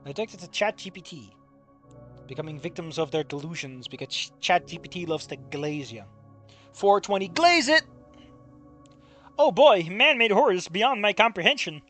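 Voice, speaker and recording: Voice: mid-range voice, lively intonation, moderate pace, a bit bright, faint music behind. A streamer ranting in a profane, exasperated way and laughing often as they react on stream.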